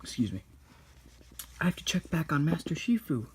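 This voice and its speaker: A man voicing a chubby male panda kung fu hero in a comic cartoon retelling, excitable and goofy. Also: on the high side, normal speed, slightly rough, pitched above the performer's own voice, full character voice. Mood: panicked.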